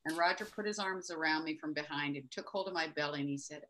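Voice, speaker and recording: A woman guest on a live stream, a psychic reader who speaks in an earnest, warm way. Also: low voice, fast, few pauses, noisy background. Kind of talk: casual live-stream chat.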